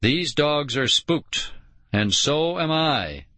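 A man's voice: mid-range voice, very animated, unhurried, sharp tone, no echo, heavily acted. A man doing a grim, wary musher. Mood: insistent. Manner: grim, insistent warnings. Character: grim, wary male sled-dog musher. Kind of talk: audiobook character voice.

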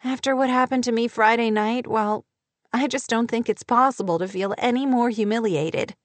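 A woman's voice: a little high, normal speed, no room sound, close to an everyday voice. A woman reading the lines of a young woman schoolteacher, embarrassed and worn down by gossip. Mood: miserable.

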